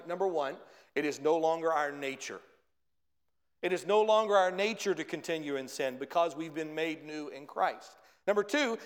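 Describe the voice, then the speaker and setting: A man preaching a sermon as pastor, emphatic, rising in pitch and force on his key points. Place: church sanctuary. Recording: long reverb of a church hall.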